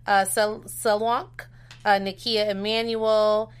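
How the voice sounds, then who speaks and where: Woman co-host, measured delivery, casual chat, chimes in to agree. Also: medium pitch, flat delivery, clean tone. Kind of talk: casual talk show chat.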